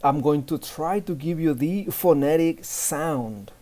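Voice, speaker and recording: A male language teacher speaking very slowly and deliberately, with a mellow, dark tone. He drills each letter and word three times, pausing so beginners can repeat after him. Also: a little high. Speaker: Spanish teacher.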